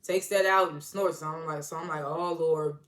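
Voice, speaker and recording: A chatty reviewer recaps a TV episode in a casual, rambling way, full of asides and restarts. The delivery is animated and keeps slipping into quoted lines. The voice sits at an ordinary middle pitch. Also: a little fast.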